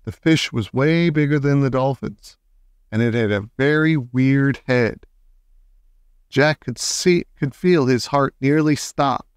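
Slow-reading male storyteller. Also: mid-range voice, clear, resonant tone, dry recording, studio quality. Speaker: audiobook reader. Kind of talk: children's book read aloud.

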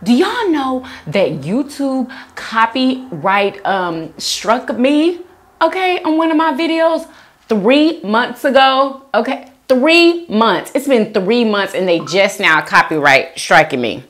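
A woman eating on camera and talking to her viewers in a loose, chatty way, her voice swooping up and down in lively pitch. She talks slowly, often drawing out words, and leans on "y'all" constantly. Chewing and small hums sit close on the mic. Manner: chatty, animated, says "y'all" a lot, chewing sounds. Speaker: mukbang vlogger. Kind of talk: casual eat-with-me chat.

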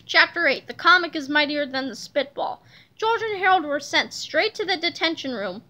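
Female reader, children's book aloud, lively, high and bright. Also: moderate pace.

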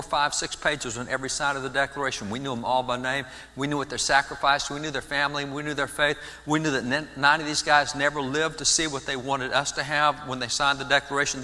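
A man giving an animated sermon-style history talk in a church, often restarting his words. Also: mid-range voice. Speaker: guest speaker on history. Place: large church sanctuary. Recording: long church reverb.

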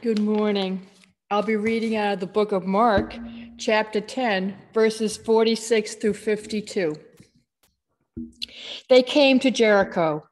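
A woman reads a gospel passage aloud during a worship service. Her delivery is steady and measured, at a middle pitch for a woman. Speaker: scripture reader. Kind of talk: reading scripture aloud.

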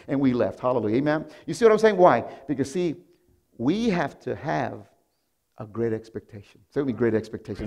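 A man pastor preaching a sermon, telling a story in a hushed voice and then breaking into loud, animated exclamations. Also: fairly high pitch, quick pace. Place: church sanctuary.

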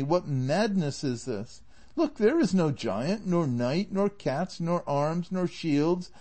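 A man's voice: fairly high pitch, warm tone. A male narrator voicing an anxious, plain-spoken peasant squire who talks bluntly and pleads with exasperation.

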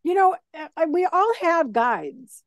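A woman's voice: extremely high pitch, slow pace, no echo, studio quality. A woman as an interview guest, chatting casually and acting out little voices as she tells stories. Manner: animated storyteller who acts out voices. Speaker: guest talking about spirit guides.

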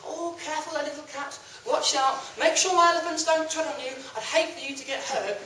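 A young man storyteller voicing a kind, happy king who speaks softly and gently, recorded in an echoey hall from a distance. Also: very high-pitched, brisk, a crowd in the background. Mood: kindly. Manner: soft, kindly.

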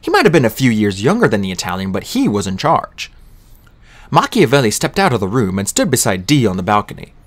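Male audiobook narrator; animated, lively reading of a novel. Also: on the low side, a little fast.

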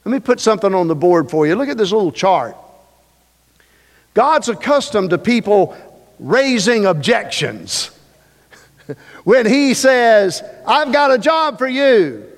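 A man's voice: high-pitched, sing-song, measured pace, pauses often. A male pastor preaching a sermon, emphatic and repetitive, with joking asides. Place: church sanctuary. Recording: long reverb of a church hall.

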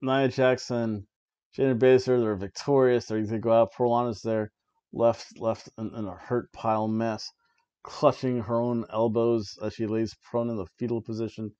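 A man casually recapping a wrestling show for his podcast, breaking into giggles between thoughts. His voice sits at a middle pitch. The recording is dull and lo-fi, with a close, dry sound. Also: little pitch movement, moderate pace, dark tone, clear, resonant tone, no echo. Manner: giggly, laughs often while recapping. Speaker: wrestling review podcast host.

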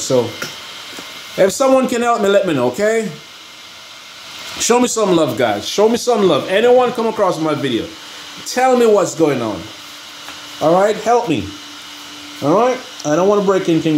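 This RC hobby channel host, a man whose voice runs a little high and darkish, rambles with exasperation through a casual vlog, begging his viewers to help. Ambient noise fills the recording.

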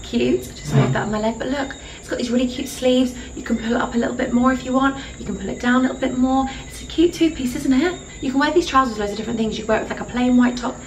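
Young British woman, bubbly chatty vlogger, slightly high voice, a bit off-mic in an echoey room, faint crickets behind. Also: fast talker, few pauses, far from the mic, a little hiss or hum. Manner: bubbly, chatty, keeps saying cute. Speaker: fashion vlogger. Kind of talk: casual outfit vlog. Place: holiday room with insects outside.

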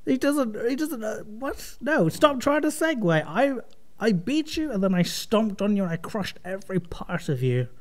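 A young man cohosting a comedy podcast, gloating with giggly glee. His pitch bounces around in animated, playful back-and-forth. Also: normal speed. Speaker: podcast co-host. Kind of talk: casual comedy banter.

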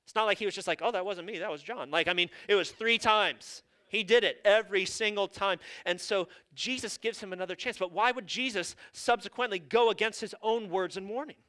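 A man's voice: high-pitched, brisk, few pauses, pushed and bright, clean tone. A male pastor preaching a sermon in an earnest, conversational way, with casual asides.

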